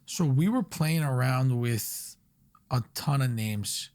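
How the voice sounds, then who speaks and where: A young man from Long Island talks as a guest on a podcast. He is an energetic storyteller and fills his sentences with loose fillers as he recounts his restaurant years. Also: medium pitch, slow. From Long Island, New York. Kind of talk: casual podcast interview.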